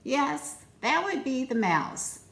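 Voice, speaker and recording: A courteous, eager male bellhop answers each complaint with formal politeness, as a woman reading a story puts him on. The delivery is slightly raised and brisk-mannered, with a gravelly edge and room echo. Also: high-pitched, big pitch swings, fairly bright tone, pitched above the performer's own voice, heavily acted. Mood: polite.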